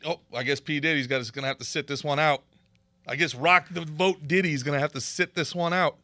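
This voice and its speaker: A man hosting a political commentary stream, ranting in a sarcastic, animated way and reading viewer comments. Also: a little high, fairly quick, dry recording. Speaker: show host.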